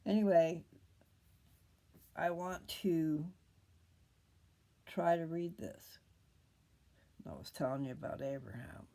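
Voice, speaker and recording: An older woman hosting a casual scripture talk, rambling, pausing often and drifting into whispers. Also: low voice, gravelly, warm tone. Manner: rambling, pauses often, loses her train of thought. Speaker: video host reading scripture.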